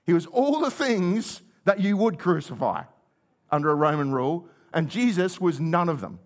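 A male preacher retells scripture in a conversational sermon, telling it like a story and acting out the quotes. His voice sits high, with lively intonation, at a normal speed.

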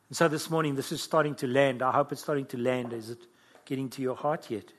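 A man's voice: medium pitch, fast. A man preaching a sermon with fervent, emotional delivery.

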